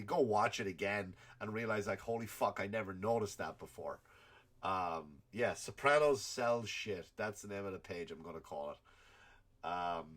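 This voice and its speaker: With a voice on the low side yet fairly bright, the cold-stricken comedian and podcast host rants profanely, rambling and cracking himself up over his own stories.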